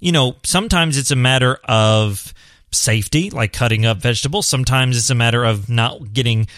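A man's voice: mid-range voice, fairly quick, fairly bright tone, no room sound. Earnest encouraging man, dry sound. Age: adult, parent of a son. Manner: earnest, encouraging, repeats points for emphasis. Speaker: blind host giving tips to visually impaired viewers. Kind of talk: casual advice monologue.

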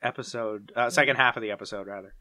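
A man's voice: lowish voice, fast, sharp tone, no room sound, studio quality. A young man co-hosting a casual chat podcast, playful and fond of mimicking cartoon lines. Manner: playful, quotes cartoon lines in put-on voices. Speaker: podcast co-host.

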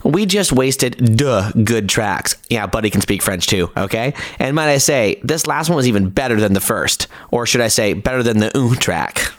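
A man voicing a boastful, pushy male music producer in a comedy sketch, brash and lively. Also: medium pitch, moderate pace, hardly any pauses, lightly acted. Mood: bossy. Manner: brash, keeps saying "baby".

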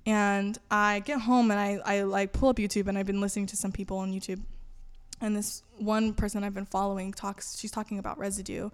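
A woman tells a personal story in a relaxed, conversational way. She is animated and acts out her own past thoughts as little quoted lines. She sits for an interview recorded inside a church. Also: mid-range voice, a little fast, clean tone. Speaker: guest.

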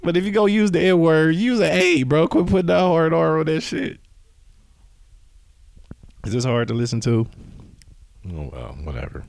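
This podcast host is a man whose slightly high voice swings widely in pitch, gravelly and at a moderate pace, with long pauses. Recorded with no room sound, he rambles through a casual solo monologue from home, swearing and frequently losing track of what he was saying.

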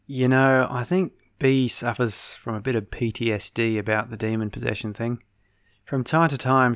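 A man's voice: medium pitch, fairly bright tone, dry recording, clean studio sound. A man narrating his own story in a wry, self-deprecating, casual way. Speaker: podcast storyteller. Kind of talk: first-person audio story narration.

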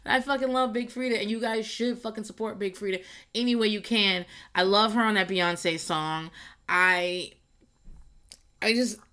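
A woman hosting a casual solo podcast, rambling and swearing, laughing often and jumping into squealing high voices when she quotes people. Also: moderate pace, sharp tone. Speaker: podcast host. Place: garage.

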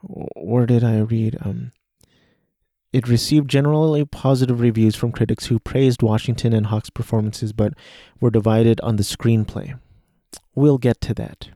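A man's voice: mid-range voice, warm tone, no room sound, clean studio sound. A man hosting a casual solo podcast, talking through a movie he watched, rambling and hesitant with many restarts. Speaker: podcast host.

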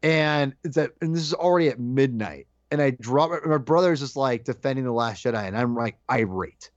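A man in casual podcast chat, telling an animated story and acting out his own shouted lines. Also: medium pitch, no room sound. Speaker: podcast guest co-host. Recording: dull lo-fi dry sound.

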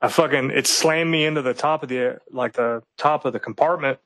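A man's voice: mid-range voice, fairly quick, a bit bright, dry recording, poor audio. A man from eastern Kentucky, co-hosting a podcast, telling rambling, profanity-filled stories in casual chat. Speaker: podcast co-host.

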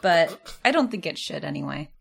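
Low gravelly American woman. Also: very animated, moderate pace, faint music behind. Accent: mixed Texan and northern US. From Texas and near Canada.

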